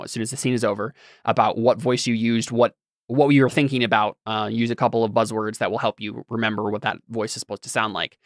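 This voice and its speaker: A man's voice: mid-range voice, fairly bright tone, dry recording, studio quality. A man hosting a casual podcast chat and talking about running games, explaining in long, loose thoughts. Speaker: podcast host and game master.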